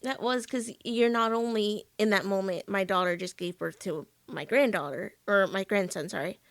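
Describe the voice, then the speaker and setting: A woman's voice: mid-range voice, normal speed, gravelly, dry recording. A woman hosting a casual podcast interview, giving affirming responses. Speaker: podcast host.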